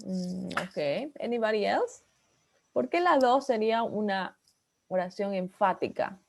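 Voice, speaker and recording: A woman's voice: medium pitch, animated, moderate pace, vocal fry. Bilingual woman teaching an English class. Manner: explains in English, then repeats in Spanish.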